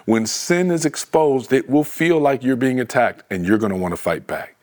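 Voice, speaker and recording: A man preaching a sermon in a conversational, animated way, often restarting his words. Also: medium pitch, moderate pace.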